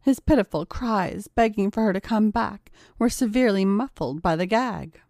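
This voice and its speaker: A woman's voice: medium pitch, normal speed, darkish tone, dry recording. Woman narrating a story in a dry, close recording. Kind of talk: scripted narration.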